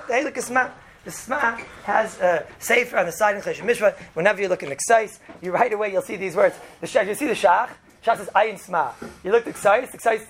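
A man's voice: high-pitched, vocal fry, a little hiss or hum. A man giving an informal religious law lesson in a conversational way, often asking "right?" and acting out the people in his examples. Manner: conversational, often asks "right?", acts out quotes. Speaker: Torah teacher.

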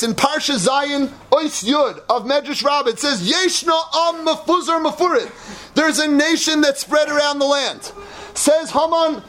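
A man giving a dramatic, impassioned Torah lecture that at times rises to shouting. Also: extremely high pitch.

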